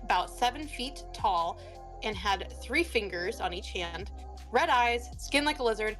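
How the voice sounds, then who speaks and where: A woman's voice: medium pitch, animated, a little slow, a bit bright, soft background music. A woman co-hosting a live stream, recounting a story casually and laughing along. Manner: chatty, storytelling, laughs often. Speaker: streamer co-host.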